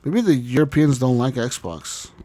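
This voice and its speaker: A man's voice: medium pitch, lively intonation, a little slow, mellow. A man co-hosting a casual gaming podcast, swearing freely and joking through rambling rants. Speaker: podcast co-host.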